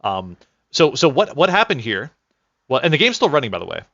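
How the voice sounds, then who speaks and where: A man streaming a game with casual, rambling commentary, excitable, with restarts and swearing. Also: medium pitch, brisk, gravelly, no room sound. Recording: dull lo-fi dry mic.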